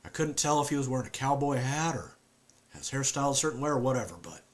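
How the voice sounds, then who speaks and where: A weary, haunted Southern man, as a storyteller puts him on, talks in a plain, halting drawl with a thick Southern accent. His voice sits at an ordinary middle pitch, heavy with grief. The telling is a grim dramatic monologue. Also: lively intonation, close to an everyday voice.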